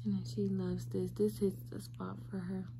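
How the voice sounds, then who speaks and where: A young woman vlogging in a casual chat, doting and talking baby talk to her cat, sometimes drifting into soft whispers. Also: medium pitch, little pitch movement, unhurried, gravelly, noisy background.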